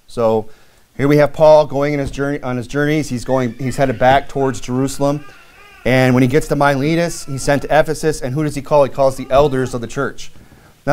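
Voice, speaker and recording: A man's voice: on the high side, darkish tone. A man preaching a sermon as pastor in a church, reading scripture aloud and talking plainly with frequent restarts.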